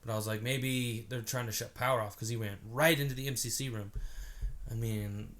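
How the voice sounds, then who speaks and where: A man's voice: mid-range voice, steady tone, fairly quick, fairly bright tone. Laid-back joking young man. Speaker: podcast co-host. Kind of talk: casual storytelling chat.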